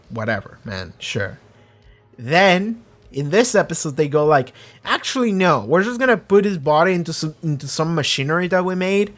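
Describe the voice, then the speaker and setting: Excitable, swearing young man recapping. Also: on the high side. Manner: profane, excitable, rambling. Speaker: show reviewer. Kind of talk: casual episode recap.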